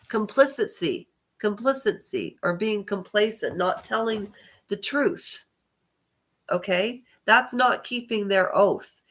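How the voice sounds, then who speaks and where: Talking straight to camera, the congested vlogger uses a medium, fairly bright voice, wandering through personal topics with hesitations and mid-sentence self-corrections.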